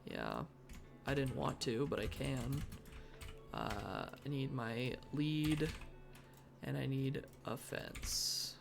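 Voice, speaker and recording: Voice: mid-range voice, sing-song, slow pace, creaky. A streamer thinking aloud through live gameplay, with mock-dramatic bursts of frustration. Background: faint background music.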